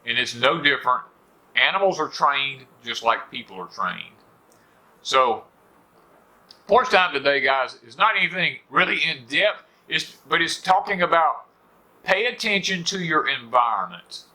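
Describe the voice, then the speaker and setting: A man's voice: fairly high pitch, expressive, measured pace, bright, forceful tone. A middle-aged man with a Southern US accent, hosting a rambling, folksy porch talk for viewers and leaning on "you know" fillers. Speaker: homestead channel host. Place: on a porch at home.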